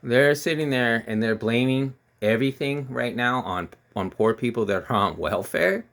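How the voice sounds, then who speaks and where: A man's voice: medium pitch, expressive, moderate pace, fairly bright tone. A man giving heated, scornful political commentary, ranting and repeating himself.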